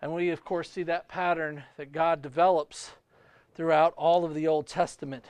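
A man preaching a sermon with a high, smooth, resonant voice. He delivers it emphatically, swinging between loud, stretched-out phrases and quieter, lower asides. The sound is dry and close. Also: steady tone, normal speed, no echo. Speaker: pastor.

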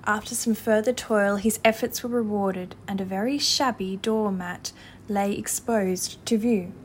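A woman narrating a classic storybook in an expressive, measured reading voice. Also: mid-range voice, slight background noise.

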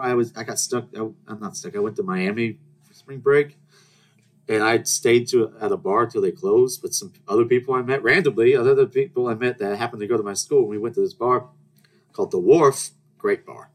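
A young man rambles through his stories in a casual, joking way. He starts over mid-sentence and now and then launches into mock-outraged rants. His voice sits at an ordinary middle pitch. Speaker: podcast host. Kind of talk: casual storytelling monologue.

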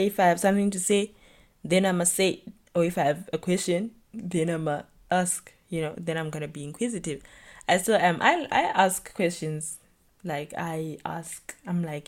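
A woman's voice: on the low side, moderate pace. A young woman hosting a solo podcast, talking chattily and reflectively with lots of "like". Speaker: podcast host.

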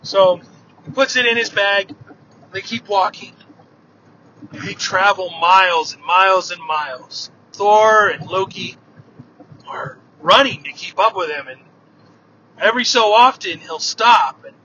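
A man tells an old myth aloud, slow and unhurried, with a high, bright voice. He paints each scene vividly. The recording is dull and lo-fi, with a faint hiss behind. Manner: relaxed, vivid retelling. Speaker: storyteller. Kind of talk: oral storytelling of myths.

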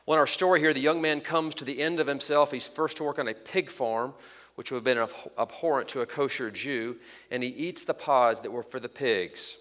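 A man preaching a sermon as pastor, earnest and emphatic, slowing down to stress key points. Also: mid-range voice, a bit bright, in a large hall.

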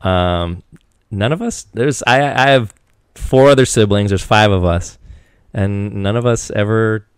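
A young man from Eastern Washington chats loosely as a podcast guest, piling up fillers and restarts. His voice sits low and sounds smooth and resonant. The handheld mic gives a dry, close sound. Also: measured pace, dry recording. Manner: rambling, many restarts and fillers. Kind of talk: casual chat.

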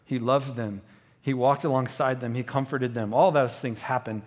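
A man preaching a sermon as pastor, talking conversationally with many fillers and restarts, growing animated as he goes. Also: mid-range voice, normal speed.

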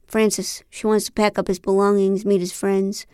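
A woman's voice: medium pitch, moderate pace, clear, resonant tone, dry recording, lightly acted. Woman doing a chatty earnest guy in a storybook, kinda eager, dead dry booth sound. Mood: rueful. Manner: chatty, eager, animated outbursts. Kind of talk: audiobook character voice.

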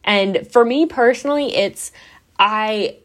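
A woman's voice: medium pitch, slow. A young adult woman hosting a podcast, chatting casually and swearing now and then, with lots of "like". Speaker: podcast host.

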